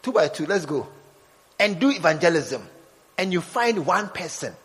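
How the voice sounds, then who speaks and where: A preacher with a bright, high voice that leaps up and down as he acts out scenes for his congregation. His sermon rings through a hall with a long reverb tail. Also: big pitch swings, normal speed. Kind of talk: lively sermon.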